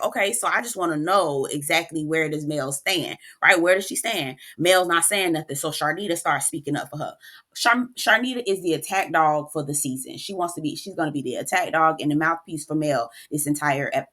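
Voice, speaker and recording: A woman hosting a reality TV recap, talking in a casual, animated and sassy way, cursing freely and calling the listener "girl". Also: deep voice. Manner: profane. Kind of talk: casual opinionated recap rant.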